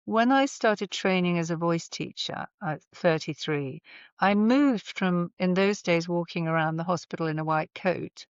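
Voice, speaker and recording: A woman's voice: lowish voice, measured pace, clear, resonant tone, no room sound. A woman, a voice therapist, explaining her work thoughtfully with examples in a conversational interview. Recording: slightly dull remote audio.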